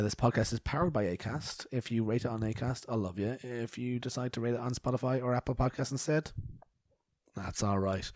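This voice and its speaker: A man's voice: medium pitch, darkish tone, no echo, clean studio sound. A man hosting a podcast, rambling and swearing with mock outrage and a bad cough. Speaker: podcast host. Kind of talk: rambling solo podcast chat.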